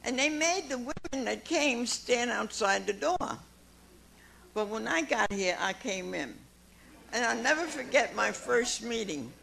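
A woman in her nineties speaks before an audience in a meeting room, giving a folksy personal testimony at a recovery meeting. Her voice is fairly high, animated, gravelly and a bit bright, and she talks a little slowly, calling listeners "honey" and laughing often. The recording is low quality.

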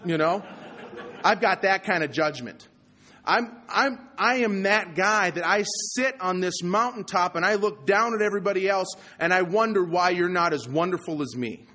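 A man delivers a raw personal testimony to a recovery group, his slightly high voice climbing into heated, near-shouted outbursts before sinking into low, quiet confession. His delivery stays conversational, sprinkled with "you know" as he talks to the room. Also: moderate pace. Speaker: recovery meeting speaker.

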